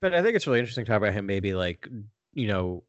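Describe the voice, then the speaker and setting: A man with a lowish voice co-hosting a fan podcast, easygoing and quick to agree. He is recorded dry and close, with no room sound around him. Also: very animated, dry recording, muffled recording. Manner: conversational, agreeable, quick to say yeah. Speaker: podcast co-host. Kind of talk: casual fan podcast chat.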